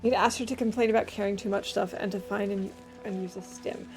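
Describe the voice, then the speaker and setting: A woman's voice: mid-range voice, steady tone, brisk, soft background music. A woman streamer giving casual, chatty commentary while playing a game, thinking aloud as she goes.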